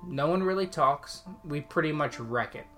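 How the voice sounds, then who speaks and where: Animated man ranting about a game. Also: fairly high pitch, moderate pace, faint music behind. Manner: animated, heated storytelling. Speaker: podcast co-host. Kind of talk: casual storytelling chat.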